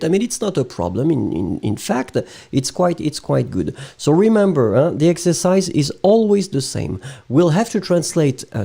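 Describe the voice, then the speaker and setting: A man's voice: a little high, gravelly, mellow. A male French teacher, a native French speaker with a French accent, leading a playful, chatty live-streamed lesson and often checking in with his students.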